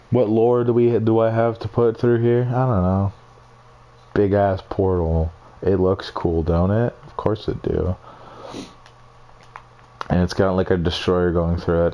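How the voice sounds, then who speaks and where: A man's voice: low-pitched, highs cut off. A young man casually walking through his game builds, rambling, swearing freely and putting down his own work. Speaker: gamer showing off builds. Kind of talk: casual screen-recorded walkthrough.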